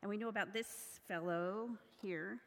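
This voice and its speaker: A woman from the United States preaching a sermon, telling a story in a slow, measured way. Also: mid-range voice, fairly bright tone. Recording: long reverb of a large hall.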